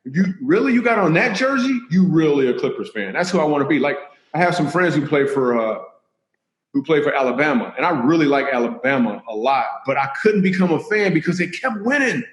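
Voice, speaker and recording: Comedian, male, guest; animated story delivery, slightly higher voice, roomy echo. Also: fairly quick. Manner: animated, acts out other voices. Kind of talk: casual comic storytelling. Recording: echoey room.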